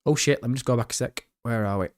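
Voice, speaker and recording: A man's voice: medium pitch, fast. A young man hosting a live stream, chatting with his viewers and reacting to a trailer in a jokey, rambling way. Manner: chatty, jokey, talks to chat, breaks into laughter.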